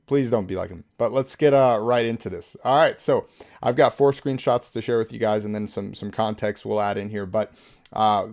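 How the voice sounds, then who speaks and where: Young guy w a gravelly voice, loose chatty commentary, laughs a lot. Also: mid-range voice, a little mellow. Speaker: YouTube host. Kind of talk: casual commentary reading texts.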